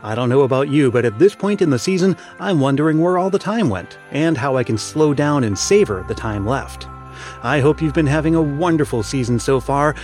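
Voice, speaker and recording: Man, podcast host, storybook narration, gentle and cozy, slightly high pitch, faint music behind. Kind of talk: scripted narration of a classic story.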